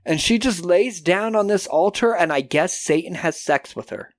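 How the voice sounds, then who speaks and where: A man co-hosting a podcast, casually recapping a film and acting out the characters in quick put-on voices, with a lot of swearing. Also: high voice, lively intonation, no echo, studio quality. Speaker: podcast co-host.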